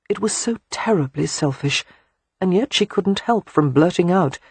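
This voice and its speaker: Audiobook narrator, romance reading, soft and intimate, husky, dry close sound. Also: medium pitch, moderate pace, no echo.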